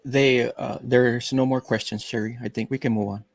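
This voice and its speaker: A man's voice: medium pitch, flat delivery, normal speed, dry recording. A man moderating an online clinic, speaking briefly and matter-of-factly over a video call.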